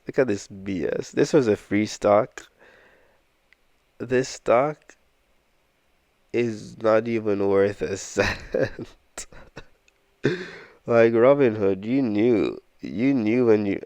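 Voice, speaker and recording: Gravelly low-voiced man thinking aloud. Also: a little mellow, no room sound. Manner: rambling, self-deprecating, thinking aloud with frequent "I don't know". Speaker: investing vlogger. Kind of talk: casual portfolio walkthrough.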